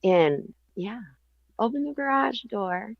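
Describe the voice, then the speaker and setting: A woman in casual stream chat, telling laid-back, deadpan stories and swearing casually. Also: on the high side, takes it slowly, gravelly, no echo, muffled recording.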